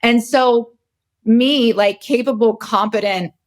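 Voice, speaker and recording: With a slightly high voice, a forty-something woman hosting a podcast slowly works through a personal story. She is candid and emotional, rambles as she goes, and comes across as very tired.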